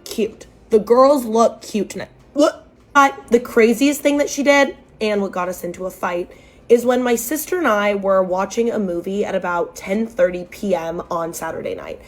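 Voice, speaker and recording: A woman in her twenties telling a scripted storytime, sarcastic and exasperated, with sudden jumps in pitch. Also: moderate pace.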